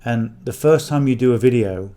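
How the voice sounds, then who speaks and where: In casual talk to camera, a middle-aged affiliate marketing coach from the north of England rambles on, checking in with "okay?" and "you know." He has a mellow, medium-pitched voice at normal speed.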